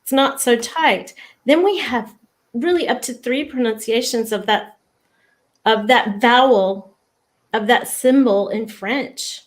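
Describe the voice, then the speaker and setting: Woman patiently explaining sung diction. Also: a little high. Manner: patient, instructive, demonstrates sample words slowly. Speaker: lyric diction expert, guest. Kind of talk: explanatory interview talk.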